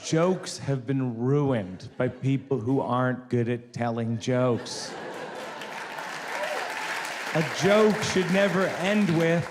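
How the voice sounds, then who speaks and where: A man in his forties doing conversational stand-up storytelling on a theater stage, wry and building to loud punchlines. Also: mid-range voice, takes it slowly, crowd noise. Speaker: stand-up comedian. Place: theater stage before an audience. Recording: long hall reverb, audience noise.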